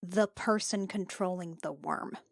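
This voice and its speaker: A woman's voice: fairly low pitch, measured pace, no echo, studio quality. A woman playing in a tabletop game, blunt and impatient, swearing as she questions a captive. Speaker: player. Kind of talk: casual tabletop play.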